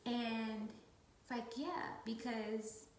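A woman's voice: a little high, fairly even intonation, drawn-out words, a little mellow. Emphatic woman in an echoey room. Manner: emphatic, repeats phrases for stress. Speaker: team leader in business. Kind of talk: casual faith-based vlog talk.

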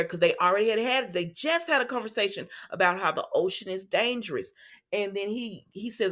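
A woman recaps soap episodes in a loose, chatty way, acting out the lines and breaking off to talk to her viewers. Her voice sits in a middle pitch, and she keeps the talk casual. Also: normal speed. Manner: chatty, animated retelling with asides to viewers. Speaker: soap opera recap host. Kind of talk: casual chat.

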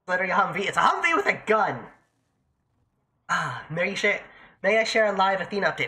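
A young adult streamer rambling through a live gameplay session with a bright, forceful voice. They talk to themselves and their chat in a loose, casual way and swear freely. The pitch sits in a middle range. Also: expressive, normal speed, pauses often. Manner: chatty, profane, talks to self and chat.

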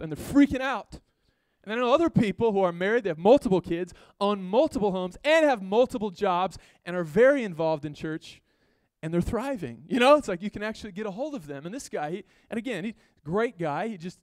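A male pastor preaches a sermon in a conversational, animated style, tossing quick asides to the congregation. His voice is high, and there's no echo.

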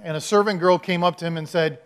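Male pastor, sermon, slightly high voice, storyteller who acts out the quotes. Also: fairly even intonation, quick pace, clear, resonant tone. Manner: conversational storytelling, acting out quotes.

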